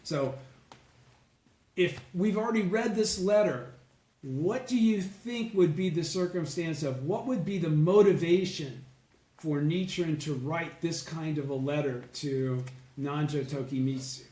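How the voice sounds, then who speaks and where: A fairly high, mellow voice guides a casual group study at a measured pace as this man explains a text, often asking "okay?" and "right?" He sounds congested, clearing his throat again and again, in a reverberant room.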